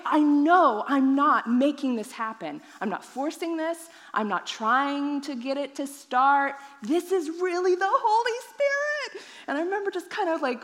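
A woman pastor telling a personal testimony in a sermon, acting out her own past thoughts with animated storytelling. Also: a little high, big-room sound.

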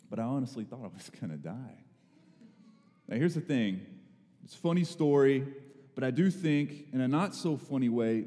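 A man preaching a sermon, telling a personal story in a lively, dramatic storyteller's way, with bursts of raised, excited voice. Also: mid-range voice, long reverb tail. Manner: storytelling, animated, rising to excited exclamations. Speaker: pastor.

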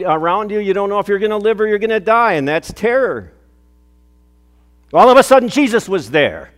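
Older male pastor, earnest storytelling sermon, slightly high voice, long church reverb. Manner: earnest storytelling preacher, rising with emphasis and dropping soft on key phrases.

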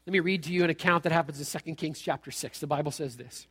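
A male pastor preaching a sermon in a lively, conversational way with playful asides. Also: a little high, quick pace, few pauses, slightly rough. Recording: long hall reverb.

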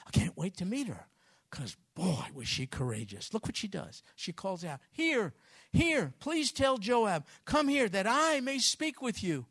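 Man preacher, sermon, lively storytelling, slightly high voice, dry sound. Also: gravelly, husky, dry recording. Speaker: pastor.

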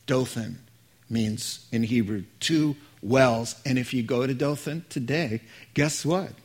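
Male pastor giving a sermon, slow and easygoing, cracks jokes with the people. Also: mid-range voice, breathy edge. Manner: conversational, joking with the congregation.

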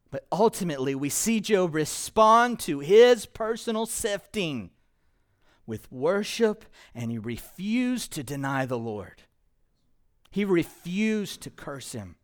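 A man preaching a sermon as pastor, joking and playful, swinging between hushed and loud, emphatic delivery. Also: medium pitch.

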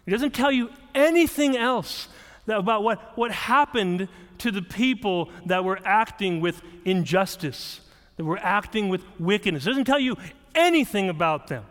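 A man preaching a sermon, earnest, moving between hushed passages and emphatic ones. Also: high-pitched, lively intonation, normal speed. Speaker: pastor. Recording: long hall reverb.

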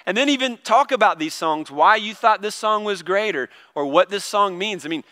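A man's voice: sits high, animated, moderate pace, pushed and bright. A middle-aged man preaching a sermon to a congregation, telling stories about his own kids in a conversational, self-deprecating way with many restarts. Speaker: pastor. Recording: long reverb of a large hall.

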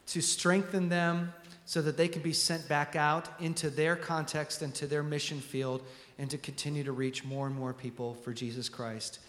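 A man's voice: a little high, fairly bright tone. A man hosting a church service, speaking from the pulpit with many ums and restarts. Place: large church sanctuary. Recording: echoey church hall.

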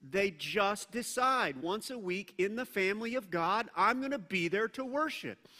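Male pastor, high bright voice, animated sermon in a reverberant hall. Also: a little slow. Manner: animated, acts out quoted voices. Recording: long reverb of a large hall.

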